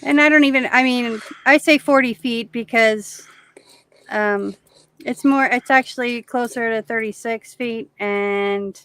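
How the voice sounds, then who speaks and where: Woman artist hosting a stream, kinda high voice, rambly easygoing chat while painting. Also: fairly even intonation, a little slow, a bit bright, clear, resonant tone. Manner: rambling, self-correcting, easygoing.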